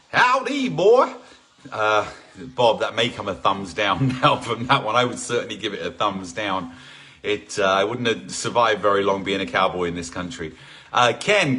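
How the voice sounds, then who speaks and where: A man's voice: mid-range voice, a bit bright, slight background noise. A man teaching a live online exercise class, chatting in an upbeat, rambling way and greeting people by name over a video call. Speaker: fitness instructor.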